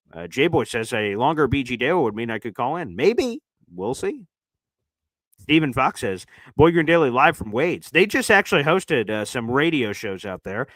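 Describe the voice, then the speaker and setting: A man's voice: fairly bright tone, dry recording. A young man hosting a live sports talk show, telling stories and acting out quotes with big jumps in his voice. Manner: storytelling, acts out quotes with big pitch jumps. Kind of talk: casual live-stream chat.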